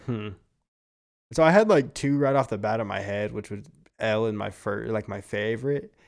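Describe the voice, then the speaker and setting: A man's voice: lowish voice, moderate pace, vocal fry. A young man co-hosting a casual podcast chat, swearing freely and laughing as he tells stories. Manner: swearing, laughing, animated retelling. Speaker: podcast co-host.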